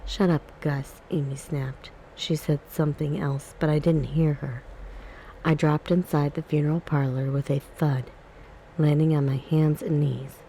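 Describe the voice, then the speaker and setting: This is a woman reading a spooky story in a soft ASMR style. Her voice is mellow and warm, and her pacing is calm and even. A faint background hiss sits under the reading. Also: deep voice, a little slow, poor audio. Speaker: ASMR book reader.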